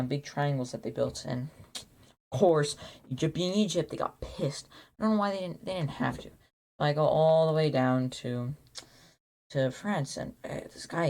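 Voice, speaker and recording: Guy rambling thru a silly made-up story, deadpan, lots of restarts and little voices. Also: on the high side, creaky. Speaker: YouTuber. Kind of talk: absurd comedic storytelling.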